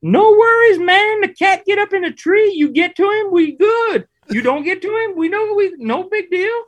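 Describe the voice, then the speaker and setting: A mellow, laid-back surfer-dude guide with a Californian accent talks way up in a thin, high-pitched register, as a man puts him on while telling a story. He stays breezy and unbothered, stretching his words out in an easy drawl. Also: expressive, normal speed, lo-fi sound. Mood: easygoing.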